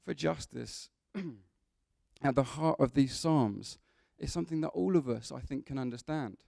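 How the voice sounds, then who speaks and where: A man preaching in a church, talking to his congregation in an easy, conversational way and dropping in humorous asides. His voice is gravelly and warm-toned, a bit higher than most men's, and the sound is dry and close. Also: unhurried, dry recording. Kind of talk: sermon.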